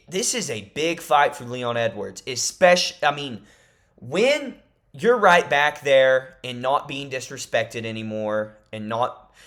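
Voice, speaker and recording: A man talking to camera in a casual fight-prediction vlog, rambling like an animated fan and jokingly insisting his made-up leaks are real. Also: mid-range voice. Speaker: MMA YouTuber.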